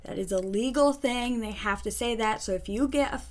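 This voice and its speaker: A woman doing a makeup first-impression vlog, gushing and giddy, often breaking into laughs and hushed gasps. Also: fairly high pitch, moderate pace. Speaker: beauty vlogger.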